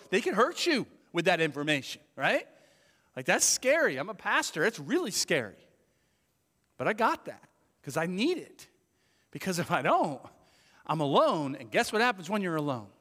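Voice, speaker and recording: A man's voice: medium pitch, fairly bright tone, long reverb tail. A man pastor preaching a sermon in an earnest, conversational way.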